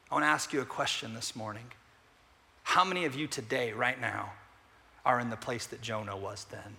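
A man preaching a sermon, earnestly asking his congregation questions and moving between emphatic peaks and quiet pauses. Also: medium pitch, gravelly. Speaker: pastor. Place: church sanctuary. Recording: long hall reverb.

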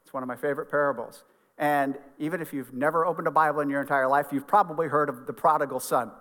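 A middle-aged pastor preaching to his congregation in a conversational, earnest way. His voice sits a little high for a man, and a long hall reverb trails every phrase. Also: steady tone, fast, fairly bright tone. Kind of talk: sermon. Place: church sanctuary.

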